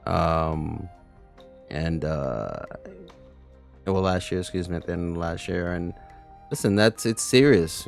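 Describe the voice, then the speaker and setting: A man's voice: low-pitched, unhurried, creaky, soft background music. A man hosting a casual reaction stream, rambling loosely with crude humor.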